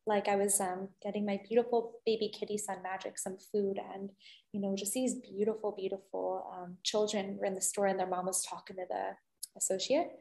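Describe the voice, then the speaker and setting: A woman who is a holistic healing guest, chatting gently and effusively in a casual interview. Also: mid-range voice, little pitch movement, brisk, reverberant. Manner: gentle, effusive, many "beautiful"s and "um"s.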